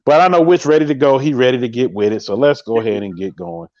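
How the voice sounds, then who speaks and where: A man's voice: mid-range voice, fast talker, a little mellow, dry recording, muffled recording. A man hosting a live podcast in a casual chat, speaking emphatically and straight to his viewers, and often repeating his catchphrases. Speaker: podcast host.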